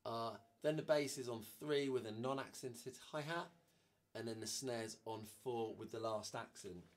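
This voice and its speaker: A man teaching a drum lesson, casually explaining a groove and counting the beats out loud. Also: mid-range voice, normal speed. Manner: relaxed, counts beats aloud.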